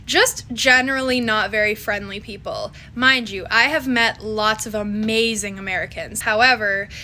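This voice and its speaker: A woman's voice: medium pitch, fairly even intonation, moderate pace, sharp tone, slight background noise. A young woman from Canada, chatting to camera as a vlogger in a casual, exasperated way. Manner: chatty and exasperated, with mocking quoted voices. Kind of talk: casual talking-to-camera commentary.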